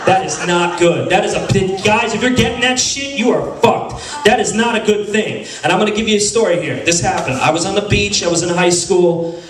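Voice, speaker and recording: A man doing stand-up storytelling in a comedy club, profane, animated and mocking himself. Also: high-pitched, fairly quick, slight background noise. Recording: echoey club, distant mic, loud crowd.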